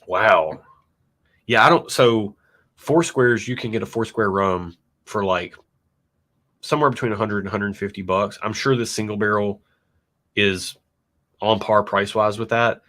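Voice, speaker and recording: A man's voice: fairly low pitch, measured pace, pauses often. A man co-hosting a livestream, chatting casually and rambling with fillers while tasting. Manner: relaxed, rambling tasting talk with many fillers. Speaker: livestream co-host.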